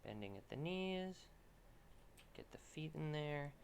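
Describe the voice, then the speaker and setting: A man's voice: a little high, expressive, a little slow, gravelly, slight background noise. A young man streaming himself drawing, chatting casually and thinking aloud with lots of restarts. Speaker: artist streaming a drawing session. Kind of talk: casual commentary while drawing.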